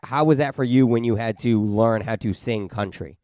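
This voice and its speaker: A man with a smooth, resonant voice hosts a relaxed podcast chat, asking questions in an easygoing way and joking now and then. The sound is close and dry, with no room around him. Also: medium pitch, normal speed, no room sound. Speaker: podcast host. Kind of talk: casual interview chat.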